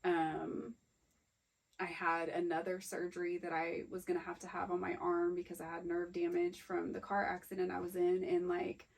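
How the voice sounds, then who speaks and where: A woman co-host speaks in a husky, somewhat low voice with a gravelly edge. She tells a personal story in casual chat, candid and emotional, often pausing and restarting. The delivery is halting and earnest. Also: completely flat delivery, poor audio. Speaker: podcast co-host.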